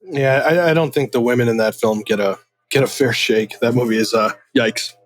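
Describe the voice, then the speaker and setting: A man hosting a casual drinks chat, telling stories in an animated way and laughing often. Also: medium pitch, normal speed. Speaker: host.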